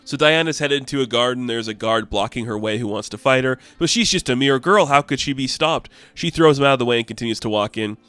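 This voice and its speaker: A man's voice: medium pitch, quick pace, few pauses, fairly bright tone, clear, resonant tone, no room sound. A man casually recapping a comic book issue, chatty and enthusiastic.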